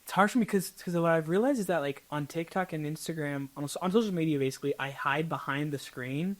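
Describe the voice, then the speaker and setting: A young man with an American accent, a content creator chatting as an interview guest, telling stories in an animated way and acting out what people said to him. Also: on the high side, quick pace. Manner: animated storytelling, acts out quoted people. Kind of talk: casual interview chat.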